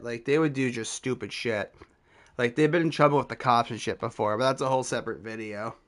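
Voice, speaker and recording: A man's voice: medium pitch, fairly bright tone, clean tone. A young man telling a personal story in a casual storytime vlog, talking loosely with slang and swearing. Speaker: vlogger.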